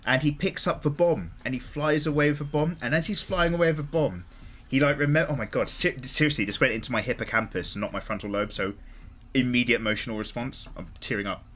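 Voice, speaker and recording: A man in his thirties, an artist chatting casually on a live stream, talkative, openly emotional and quick to swear. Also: medium pitch, a bit bright, soft background music. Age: 30s. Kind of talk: casual livestream chat.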